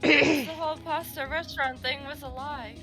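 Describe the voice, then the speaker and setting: A woman voicing a chatty, blunt young sidekick from a game, in a high voice. She comments matter-of-factly, with faint game music behind. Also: fairly even intonation, moderate pace, sharp tone. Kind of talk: fan voice acting of a game.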